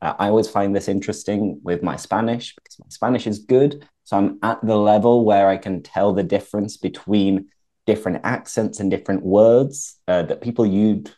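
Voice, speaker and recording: Guy hosting a chat for learners, mellow low voice, keeps asking questions. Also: steady tone, moderate pace. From England. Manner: chatty, asks prompting questions. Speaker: host, English teacher. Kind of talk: slow clear conversation for learners.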